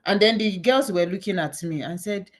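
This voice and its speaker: A woman from Nigeria, moderating a panel and telling self-mocking stories in a lively way. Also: medium pitch, normal speed. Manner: animated, self-mocking storyteller. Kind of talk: conversational panel facilitation.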